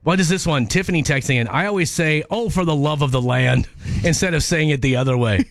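A man's voice: a little high, no echo. A man hosting a radio show in casual banter, reading listener texts and laughing often. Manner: playful, quick to laugh.

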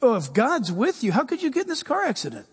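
A man's voice: very high-pitched, huge pitch swings, fast, husky, big-room sound, pitched above the performer's own voice, heavily acted. A man voicing doubt itself as a taunting voice that asks needling questions.

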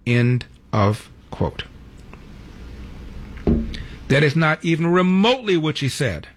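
A man's voice: big pitch swings, takes it slowly, a little hiss or hum. A man hosting a political talk radio show, commenting in a mocking way. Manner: mocking, mimics quotes in a high voice.

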